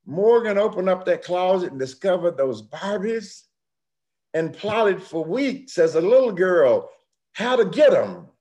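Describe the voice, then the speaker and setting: An older man preaching a sermon, swinging dramatically from hushed, slow passages to loud ones. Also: sits high, very animated. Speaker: pastor.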